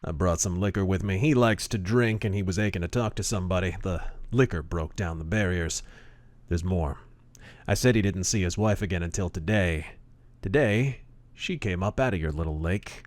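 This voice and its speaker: A man with a very low voice reads a pulp detective story in a gruff, deadpan way. His delivery is clipped and hard-boiled. The recording is dry and close. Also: moderate pace, no room sound. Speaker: audiobook narrator. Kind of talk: hard-boiled first-person audiobook narration.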